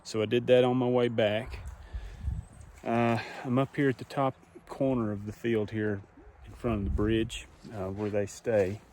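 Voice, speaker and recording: A young man with a fairly low voice talks plainly to his phone camera out in a farm field, thinking aloud as he works. A faint outdoor hum sits behind him. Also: level tone, unhurried, darkish tone. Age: young adult. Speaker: farmer filming a farm vlog. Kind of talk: casual talk to camera. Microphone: phone propped up nearby.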